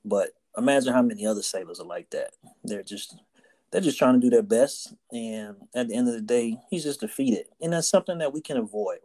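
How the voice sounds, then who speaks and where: A man's voice: medium pitch, mellow. A man co-hosting a casual podcast chat, telling a story and often tagging lines with "right?" and "you know". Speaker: podcast co-host, Navy sailor.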